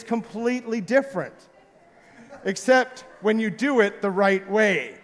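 A male pastor with a notably high voice preaches to a live congregation, his words ringing through a long hall reverb. He tells stories with a playful, joking manner and gets the room to join in. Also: moderate pace. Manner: playful, jokey storytelling. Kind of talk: sermon with audience participation.

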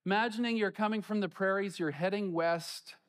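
A man preaching a sermon, reading scripture and explaining it to his congregation in an animated way. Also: high voice, fairly quick. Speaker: pastor.

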